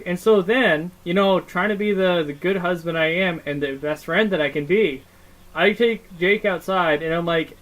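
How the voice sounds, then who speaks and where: A man's voice: sits high, moderate pace, fairly bright tone, low-quality recording. Profane storytelling young man. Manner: profane, storytelling with lots of fillers. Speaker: podcast co-host. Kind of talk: casual chat.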